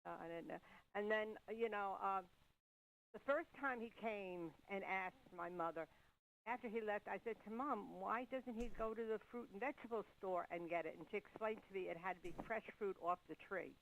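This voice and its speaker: A woman's voice: mid-range voice, moderate pace, gravelly, poor audio. An older woman from Yonkers, New York, calling in to a radio show and telling a fond, hesitant story from her childhood. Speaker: caller. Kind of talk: phone-in reminiscing.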